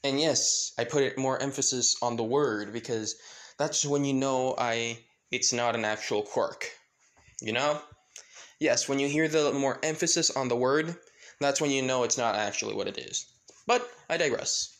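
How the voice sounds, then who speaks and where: A man's voice: medium pitch, moderate pace, a bit bright. Rambling man narrating a fan story. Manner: rambling, heavy on fillers. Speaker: channel host and narrator.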